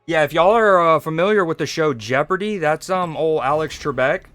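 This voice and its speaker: Guy on a game stream, kinda high voice, chill and jokey, talkin to chat. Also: normal speed, a bit bright, soft background music. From Georgia, US. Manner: laid-back, joking, chatting with chat while playing. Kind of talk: casual live-stream chat.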